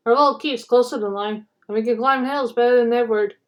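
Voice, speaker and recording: A calm, firm male bus driver, put on by a woman reading aloud, steady and lower than her own voice. He sounds patient and sensible in a storybook. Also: brisk, lo-fi sound, close to an everyday voice.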